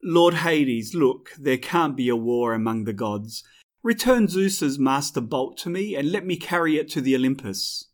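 A man's voice: mid-range voice, expressive, a little slow, natural voice. A man voicing a defiant, brave teenage demigod boy who speaks in an earnest, pleading way.

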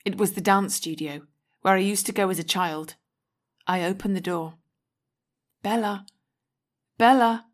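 A woman narrating a first-person audiobook story in a clear, measured way. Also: on the low side, fairly even intonation. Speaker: audiobook reader.

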